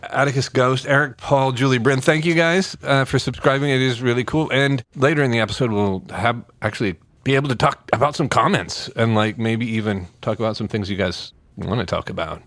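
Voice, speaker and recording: A man's voice: medium pitch, a little fast, few pauses, a bit bright, no echo. A man hosting a casual book podcast, joking and rambling with lots of fillers. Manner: rambling, jokey, many fillers. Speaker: podcast host. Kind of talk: casual chat.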